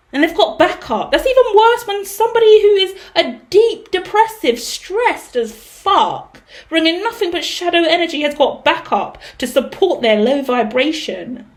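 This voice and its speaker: A woman's voice: extremely high pitch, animated, normal speed, hardly any pauses. A woman giving a tarot reading, blunt and profane with dramatic outbursts. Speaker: tarot reader. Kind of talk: casual tarot reading monologue.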